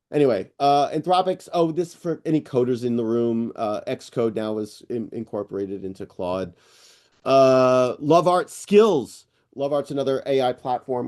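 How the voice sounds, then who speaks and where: A middle-aged man hosting an online AI news session, rambling and excitable, with lots of fillers and restarts. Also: medium pitch. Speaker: host presenting AI news. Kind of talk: casual screen-share walkthrough on a live call.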